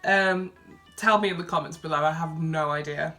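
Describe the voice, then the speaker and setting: A young woman from Birmingham with a softened Brummie accent, chatting casually through a Q&A vlog, reading each question aloud and answering with lots of ums and likes. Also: deep voice, quick pace, soft background music. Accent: Birmingham English, softened. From Birmingham, England. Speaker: vlogger.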